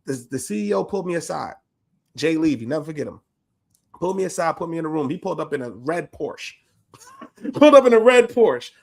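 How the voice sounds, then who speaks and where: A man with a somewhat higher voice, co-hosting a podcast and telling a personal story with real animation. He laughs easily and talks in casual, streetwise slang, swearing freely as the story builds. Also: animated, quick pace, gravelly, a little mellow, husky. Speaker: podcast co-host.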